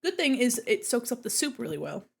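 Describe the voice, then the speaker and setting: Brief: chatty, giggly young woman streamer, slightly high voice, mic set away from her face. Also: very animated, a little fast, creaky, slightly rough. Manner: giggly, chatty, talking with her mouth full. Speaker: art streamer. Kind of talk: casual stream chat.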